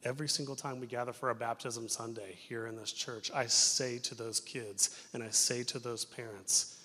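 A young adult man preaching a sermon in a church as pastor, telling stories in an animated way that moves between loud and hushed. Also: medium pitch, normal speed. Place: church sanctuary. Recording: reverberant church sanctuary.

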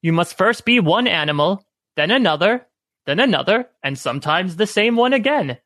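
A man reading the part of a grave old temple monk, speaking slowly and solemnly. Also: high voice, animated, a bit bright, no room sound, clean studio sound. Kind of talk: reading a story aloud with friends.

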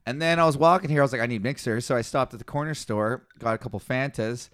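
A man's voice: mid-range voice, fast talker, clean tone, no room sound, clean studio sound. A young man in casual chat, telling stories with lots of swearing and laughter, co-hosting a conversation. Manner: swearing, animated storytelling with laughs. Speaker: co-host.

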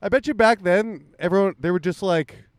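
A man's voice: high-pitched, brisk, clear, resonant tone, no echo, clean studio sound. A man co-hosting a casual comedic podcast, crude and self-deprecating as he jokes around. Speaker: podcast co-host. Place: home podcast setup in Austin.

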